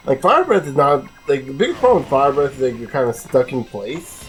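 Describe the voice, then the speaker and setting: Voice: medium pitch, animated, fairly quick, few pauses, faint music behind, rough recording. A let's play commentator chatting casually and rambling through gameplay, self-mocking.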